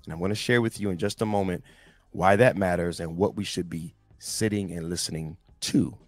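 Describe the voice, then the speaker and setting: A man's voice: low-pitched, brisk, dry recording, soft background music. A man hosting a casual motivational talk, reading scripture and speaking to listeners in slangy, emphatic bursts. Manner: slangy, emphatic, addresses listeners directly as guys. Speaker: motivational host.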